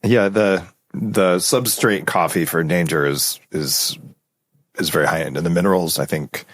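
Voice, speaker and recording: A middle-aged man hosting a podcast interview, explaining ideas in an animated, conversational way. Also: sits low, no room sound, studio quality. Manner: animated, explanatory, quick asides. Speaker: podcast host.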